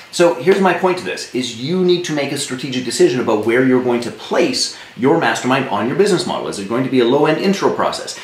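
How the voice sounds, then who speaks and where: A blunt man coaching his audience on a live stream, emphatic and unafraid to swear. His mid-pitched voice sits in a roomy space with a faint hum of ambience behind it. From Saskatchewan, Canada. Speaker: business coach.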